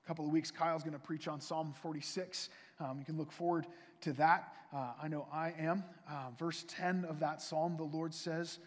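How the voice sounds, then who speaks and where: High-voiced pastor preaching in a reverberant hall. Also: male voice, fairly even intonation, normal speed. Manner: earnest, pleading, swells louder then drops soft. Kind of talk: sermon. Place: church sanctuary. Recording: long reverb from a church hall.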